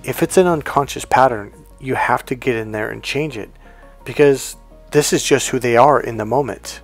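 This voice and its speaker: A man's voice: mid-range voice, normal speed, soft background music. A man in a life coach role, talking through an example in a casual teaching monologue and acting out the quoted dialogue. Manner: conversational, acts out quoted dialogue.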